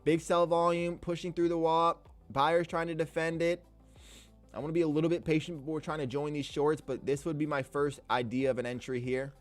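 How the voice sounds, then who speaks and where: A man hosting a live trading stream, giving casual, energetic commentary full of slang, occasional swearing and shout-outs to viewers. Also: on the high side, brisk, soft background music. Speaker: livestream host and day trader.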